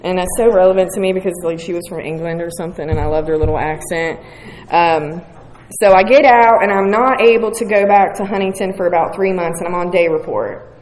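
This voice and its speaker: A woman's voice: lowish voice, fairly quick, a little mellow, slight background noise. A woman, telling her recovery story to a meeting in a frank, profane, self-mocking way. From West Virginia. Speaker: speaker sharing at a recovery meeting. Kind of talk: candid recovery share. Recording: roomy hall with faint audience.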